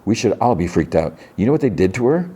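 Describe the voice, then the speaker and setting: A man voicing a defiant young girl while recapping a show, lifting his pitch a little. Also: sing-song, quick pace, mellow, breathy edge. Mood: urgent. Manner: slightly raised quoting voice.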